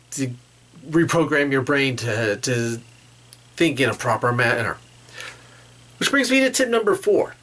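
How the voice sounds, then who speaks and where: A man hosting a solo podcast, talking through tips in a halting way and often restarting his phrases. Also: on the high side, a bit bright. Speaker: podcast host. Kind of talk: casual solo talk with tips.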